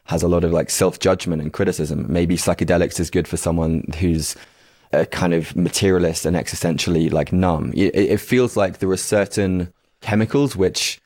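A man's voice: sits low, fairly even intonation, normal speed, a little mellow, no room sound, studio quality. A man hosting an interview, thinking aloud hesitantly with restarts and fillers. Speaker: podcast host. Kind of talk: casual interview chat.

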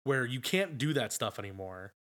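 A man co-hosting a film podcast, retelling scenes in a rambling, animated way with lots of restarts. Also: mid-range voice, normal speed. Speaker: podcast co-host. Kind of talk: casual film review chat.

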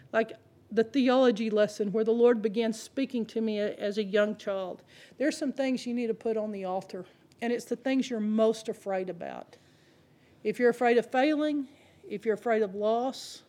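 A woman preacher with a fairly high voice, delivering a sermon. She talks straight to her listeners in a relaxed, conversational way, mixing scripture with funny personal stories. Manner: humorous storytelling with chuckles; conversational, addresses the congregation directly.

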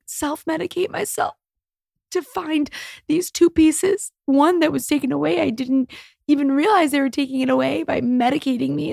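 High, gravelly-voiced woman in her thirties. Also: darkish tone, no echo, clean studio sound. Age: 30s. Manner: raw, candid, swears freely. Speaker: podcast host. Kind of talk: emotional solo podcast monologue.

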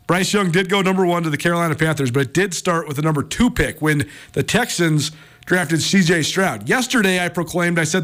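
A man's voice: a little high, brisk, a bit bright. An American man hosting a sports radio talk show, rambling and chatty with lots of fillers and restarts.

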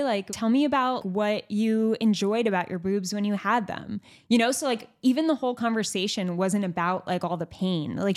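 A young woman hosting a podcast, chatting candidly and frankly, with lots of fillers and some swearing. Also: mid-range voice. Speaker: podcast host. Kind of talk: candid casual chat.

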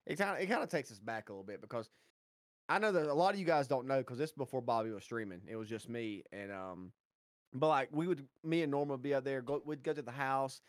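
A man guesting on a casual podcast, reminiscing in a lively way and mimicking his friends. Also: mid-range voice, fast, no echo, clean studio sound. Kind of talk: casual chat.

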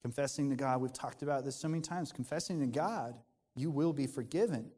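A man's voice: mid-range voice, a little fast, darkish tone, long reverb tail. A man, a pastor, preaching a conversational sermon in an earnest tone, often restarting his sentences.

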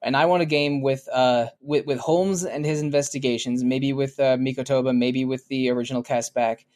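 A man's voice: medium pitch, steady tone, normal speed, darkish tone. Thoughtful man in casual podcast chat. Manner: thoughtful, rambling, with many restarts and fillers. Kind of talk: casual podcast chat about a video game.

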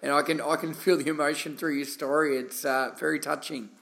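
A man's voice: fairly high pitch, fairly even intonation, brisk, gravelly, a bit bright. Affirming male podcast host. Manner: encouraging, affirming. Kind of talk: interview conversation.

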